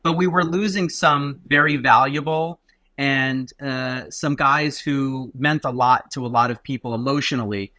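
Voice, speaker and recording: Podcast guest from Arizona, bright forceful voice, dry close sound, lively storyteller. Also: male voice, mid-range voice, measured pace, dry recording. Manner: animated storyteller, acts out quoted voices. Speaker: guest, lawyer.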